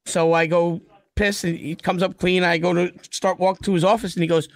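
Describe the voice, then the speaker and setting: A man's voice: sits high, level tone, normal speed, vocal fry, dry recording. A man telling a long story in casual conversation, blunt and profane, acting out the dialogue as he goes. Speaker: guest telling prison stories.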